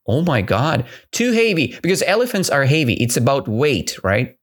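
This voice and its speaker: A man's voice: mid-range voice, big pitch swings, normal speed, breathy edge. A man from Russia teaching English on a podcast, retelling a story and checking understanding with repeated questions. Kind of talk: podcast language lesson.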